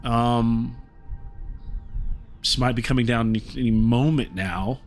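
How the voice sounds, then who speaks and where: A male game master narrates the scene at an unhurried pace, winding through fillers and restarts. His pitch sits in a middle range, and soft music plays quietly behind him. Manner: rambling, halting, with many fillers.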